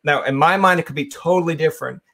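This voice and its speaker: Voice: medium pitch, quick pace, gravelly, fairly bright tone. A podcast host in a casual interview chat, playfully acting out imagined dialogue and swearing now and then.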